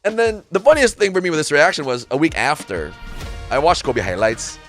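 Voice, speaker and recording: A man, co-hosting a sports talk show and telling excitable stories with frequent laughter. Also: fairly high pitch, a little fast, soft background music. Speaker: podcast co-host. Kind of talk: animated sports banter storytelling.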